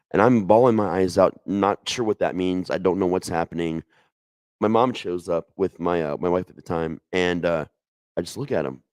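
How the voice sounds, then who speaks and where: A man's voice: sits low, darkish tone, no room sound. A middle-aged man telling a personal ghost story in a casual, emotional way, with frequent restarts and asides.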